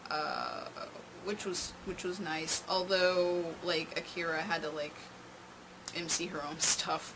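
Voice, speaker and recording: A young woman telling a casual storytime in a rambling way, with many fillers and restarts. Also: on the low side. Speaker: vlogger. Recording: noisy home recording.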